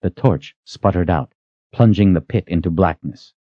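A man narrating an audiobook with expressive storytelling. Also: sits low, normal speed, no echo. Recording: dull, dry lo-fi recording.

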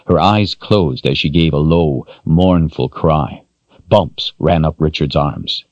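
A man narrating an audiobook in a measured, expressive storytelling manner. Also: a bass voice, no echo, muffled recording. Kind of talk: scripted narration.

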